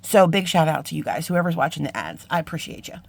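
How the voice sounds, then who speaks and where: Very animated and fast, this middle-aged woman's deep, gravelly voice carries a casual jewelry-making tutorial, captured in a dry recording. She pokes fun at herself and treats viewers as friends.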